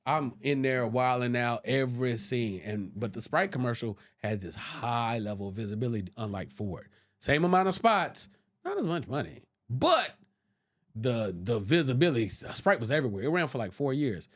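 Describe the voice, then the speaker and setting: A man guesting on a podcast, telling stories casually and jumping into loud, high voices when he quotes people. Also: moderate pace. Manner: animated, jumps into loud high voices when quoting people, restarts often. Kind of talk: casual storytelling. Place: podcast studio.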